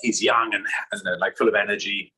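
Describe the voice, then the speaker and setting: A man's voice: on the low side, steady tone, brisk, pushed and bright, a little hiss or hum, rough recording. An English man guest in casual interview chat, rambling and restarting his sentences, laughing often. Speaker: magician guest.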